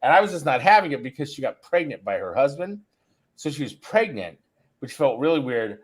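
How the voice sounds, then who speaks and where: A man's voice: medium pitch, very animated, brisk, husky. A middle-aged man hosting a podcast, telling a long story in a rambling, self-interrupting way. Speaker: podcast host. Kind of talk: casual chat.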